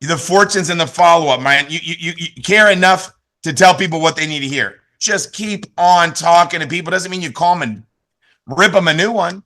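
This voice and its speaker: Over a video call, a man with a fairly high pitch delivers an energetic motivational training talk to his team at a moderate pace, repeating himself often and tacking "right?" onto his lines.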